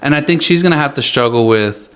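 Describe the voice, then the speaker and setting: Young man, podcast guest, casual filler-heavy chat, mid pitch. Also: animated, fast, smooth. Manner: loose and filler-heavy, acts out voices of others with big jumps in pitch.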